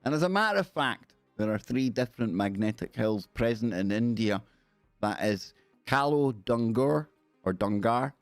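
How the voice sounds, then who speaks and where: A man's voice: mid-range voice, no room sound. A man with a Scottish accent hosting a live stream, chatting casually in a rambling, jokey way and talking to his viewers. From Scotland.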